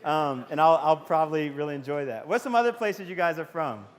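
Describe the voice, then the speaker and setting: A man's voice: fairly high pitch, brisk. A man from giving a casual, jokey convocation talk to students, telling stories and asking the audience questions. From Waco, Texas. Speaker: psychology professor. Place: large hall with audience. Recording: long hall reverb.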